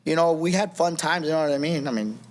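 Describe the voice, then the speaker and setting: Fast-talking man telling his story. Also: on the high side. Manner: rambling, many restarts and "you know what I mean". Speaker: podcast guest. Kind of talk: testimony in casual conversation.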